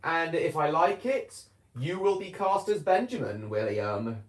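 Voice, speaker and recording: A man's voice: a little high, lively intonation, a little slow. A man chatting casually on a home video, rambling and hesitant, with many fillers and restarts. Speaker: vlogger. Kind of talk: casual chat. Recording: roomy echo.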